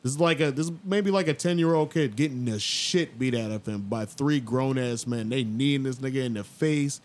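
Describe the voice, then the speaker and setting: A man hosting a casual podcast, retelling an anime scene in an animated, storytelling way. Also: normal speed. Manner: animated storyteller, jumps into loud high voices for quoted characters. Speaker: podcast host.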